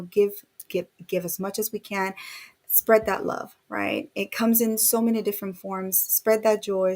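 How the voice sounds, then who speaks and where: A woman hosting a podcast interview, upbeat and encouraging toward her guest and audience. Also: mid-range voice. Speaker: podcast host. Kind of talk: interview conversation.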